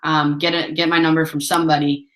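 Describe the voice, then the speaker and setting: A woman's voice: deep voice, little pitch movement, fast, a bit bright. Female trainer, pep-talk delivery, keeps calling the team "guys", recorded in an echoey room. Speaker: network marketing trainer. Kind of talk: motivational training call.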